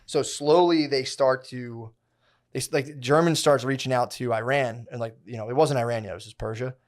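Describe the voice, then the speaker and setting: Young male podcast co-host, mid-pitched voice, casual and profane, loose storyteller full of fillers. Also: fairly even intonation, brisk. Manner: rambling, profane, slangy storytelling with many fillers.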